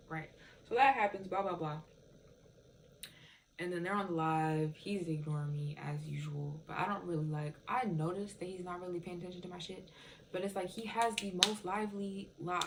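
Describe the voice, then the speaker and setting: A woman's voice: lowish voice, a little hiss or hum, poor audio. A woman telling a rambling, profane storytime rant in casual speech, full of fillers like "it's just like". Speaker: TikTok viewer telling a story.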